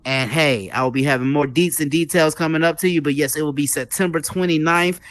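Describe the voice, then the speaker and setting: A young man hosting a live show in a casual monologue, animated and repetitive, hammering his points home and calling his listeners "folks", a little out of breath. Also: fairly high pitch, fairly quick, dry recording. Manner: animated, repetitive, preacher-like emphasis, calls the audience "folks".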